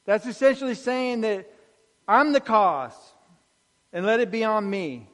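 A man preaching an earnest sermon, dropping soft on key phrases. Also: high voice, animated, takes it slowly, long pauses, long reverb tail.

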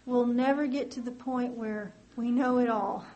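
A woman preaching a sermon in an earnest way, her voice climbing and getting louder on key points. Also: fairly even intonation, unhurried, highs cut off. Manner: earnest, rises in pitch and volume on key points.

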